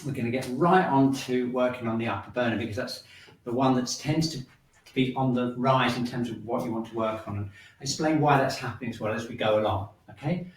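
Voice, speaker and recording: A man leads a shiatsu and qigong class, calmly and repetitively cueing breathing and movement while checking in with "okay?" often. His medium-pitched voice moves fairly quickly, and the sound is roomy with the mic at a distance.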